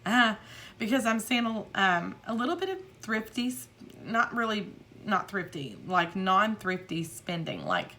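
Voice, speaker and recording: A woman's voice: medium pitch, very animated, a little slow, bright, forceful tone, slight background noise. A woman giving a casual tarot reading, rambling and repeating her words, often acting out imagined quotes. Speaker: tarot reader.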